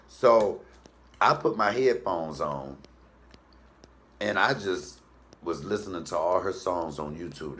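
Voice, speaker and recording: A man who hosts a comedy cooking show, telling a story in a loose, animated way. He swears freely and jumps up into a high falsetto when he quotes people. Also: a little hiss or hum.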